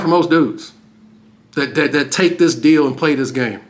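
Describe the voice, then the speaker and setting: A man giving animated, preachy reaction commentary. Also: on the high side, measured pace. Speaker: commentary streamer.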